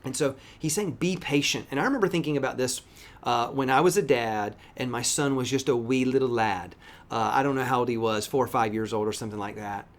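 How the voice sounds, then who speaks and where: Man, pastor, devotional teaching, emphatic, lively, middle-aged, mid-pitched voice. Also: brisk. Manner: lively, emphatic preaching with scripture reading.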